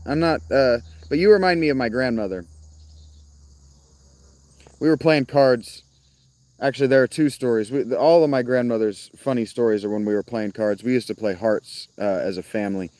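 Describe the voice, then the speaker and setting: A man with a medium-pitched, slightly mellow voice talks briskly to his live-stream viewers, rambling, restarting sentences, and laughing often. He's outside in the countryside, with crickets audible.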